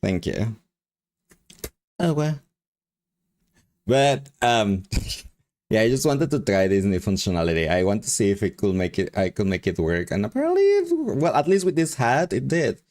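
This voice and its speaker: A man's voice: lowish voice, sing-song, moderate pace, pauses often, darkish tone. A man with a Mexican accent chatting casually with his live stream chat, rambling and laughing often. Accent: Mexican Spanish.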